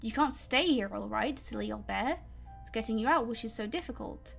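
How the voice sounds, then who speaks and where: A woman with a British accent voicing a kind young boy who talks gently and reassuringly. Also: fairly high pitch, animated, a little fast, creaky, soft background music. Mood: fond.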